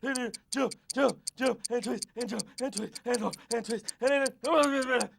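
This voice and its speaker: A peppy cartoon football coach who hollers pushy encouragement at the kids. His voice sits very high and squeaky, with a gravelly rasp running underneath it. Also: fairly quick, fairly bright tone, slight background noise, exaggerated voice. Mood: pumped. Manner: hollering, pushy pep-talk. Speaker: coach character leading exercise.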